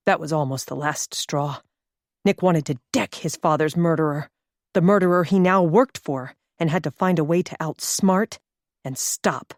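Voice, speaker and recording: A woman narrates an audiobook from a script in a steady, measured storytelling manner. Her voice is deep, and the studio-quality recording has no echo.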